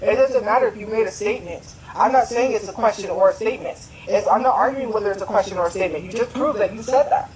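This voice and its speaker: A woman's voice: mid-range voice, fast, hardly any pauses, a little mellow, low-quality recording. A woman ranting on a livestream, insistent and argumentative, repeating her points over and over. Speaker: streamer in a clip being reacted to. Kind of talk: heated livestream rant.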